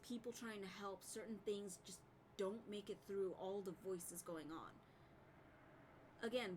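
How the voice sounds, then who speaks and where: A woman's voice: medium pitch, a little hiss or hum, poor audio. Enthusiastic young woman reacting. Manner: enthusiastic, rambling, casual swearing. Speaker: reaction video host. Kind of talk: casual chat.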